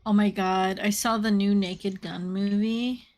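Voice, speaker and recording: A woman's voice: mid-range voice, measured pace. A woman chatting casually on a live stream, retelling movie scenes with lots of laughter and the odd swear word. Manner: animated storyteller, laughs often, swears casually.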